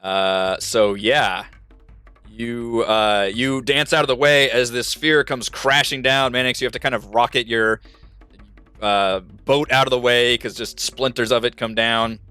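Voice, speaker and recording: Bright-voiced male dungeon master. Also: medium pitch, fairly even intonation, a little slow, clean tone, dry recording. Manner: laughing, self-correcting, playful. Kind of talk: narrating a tabletop game. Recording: dry mic with faint music.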